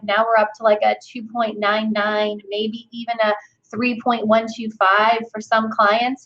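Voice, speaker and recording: A woman's voice: fairly high pitch, fairly bright tone, muffled recording. A woman speaking as a mortgage lender guest in a webinar panel, upbeat and matter-of-fact, on a video call.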